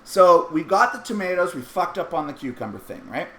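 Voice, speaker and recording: Give me a high-pitched Canadian man telling a story on a podcast, acting out the voices, in an echoey room. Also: fairly quick. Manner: animated, acts out quoted voices. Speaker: podcast host. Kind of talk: casual storytelling chat. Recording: echoey room, faint noise.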